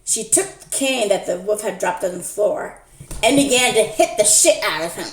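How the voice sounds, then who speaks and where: A woman's voice: mid-range voice, animated. A woman telling a story in a playful, casual way and hosting her own channel. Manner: slow, playful narration. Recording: echoey room.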